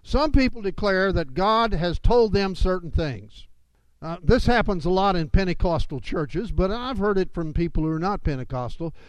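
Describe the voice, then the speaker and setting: A man's voice: high voice, expressive, moderate pace, smooth, no echo, poor audio. A man preaching a sermon as pastor, with emphatic delivery that rises and falls.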